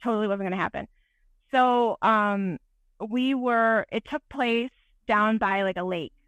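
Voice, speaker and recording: A woman's voice: medium pitch, measured pace, a bit bright, smooth, dry recording. A woman photographer from Michigan, chatting in a casual podcast interview and telling a story with plenty of fillers. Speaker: guest photographer.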